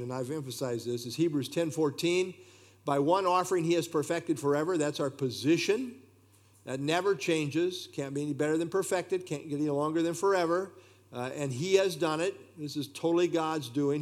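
Guy teaching a bible study, kinda higher voice, lots of uh's, takes his time. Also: darkish tone. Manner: unhurried, with frequent "uh" fillers and plain explanations.

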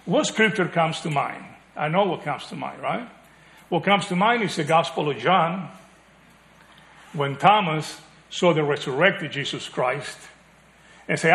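Guy preaching a sermon, kinda high voice, lots of echo, acts out the quotes and goes quiet for the big points. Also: normal speed. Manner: animated, acts out quoted voices, chuckles, drops to a hush.

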